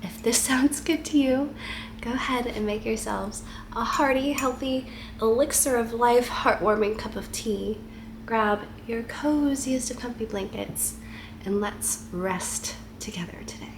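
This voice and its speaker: A woman with a head cold and a stuffy voice, chatting softly and casually to camera at home. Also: fairly high pitch, measured pace, background noise. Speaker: vlogger.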